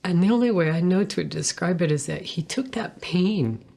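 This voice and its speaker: Low-voiced woman giving an earnest faith testimony. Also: expressive, creaky, mellow. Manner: earnest, reflective storytelling with pauses and restarts. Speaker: speaker sharing a personal faith testimony. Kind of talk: personal testimony.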